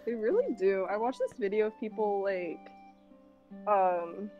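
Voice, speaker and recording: A woman chatting casually as a guest on a livestream, giggly and rambling, and a bit hoarse from losing her voice. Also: medium pitch, very animated, a little slow, dull audio, faint music behind. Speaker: guest streamer. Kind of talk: casual chat while livestreaming.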